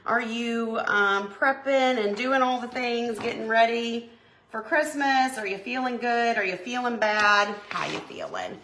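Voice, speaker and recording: Bright and forceful, with a fairly high pitch and fairly even intonation, a middle-aged woman unhurriedly chats on her crafting livestream, greeting viewers by name as she makes things at home. The recording has an echoey room sound and faint background noise.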